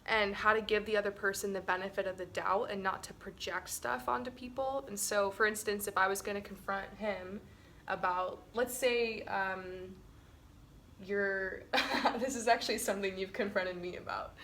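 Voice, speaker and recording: A woman's voice: medium pitch, steady tone, moderate pace, fairly bright tone, slight background noise. Chatty laughing woman giving relationship advice. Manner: chatty, laughs often, many "like" and "um" fillers. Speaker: relationship webinar co-host. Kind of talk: casual advice talk with partner.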